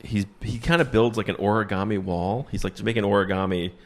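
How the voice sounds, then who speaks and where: A man hosting a comedy podcast, telling a movie's plot in a loose, animated way and acting out the characters' lines. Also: fairly low pitch, fast. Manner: animated storytelling, acts out quoted lines. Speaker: comedian host. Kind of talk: casual comedic movie recap.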